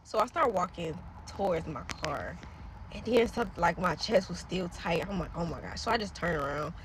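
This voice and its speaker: A woman's voice: fairly low pitch, lively intonation, normal speed, slight background noise. A woman earnestly recounting a personal faith story to her followers. She rambles, trails off and keeps speaking to viewers directly. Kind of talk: casual spoken testimony to followers.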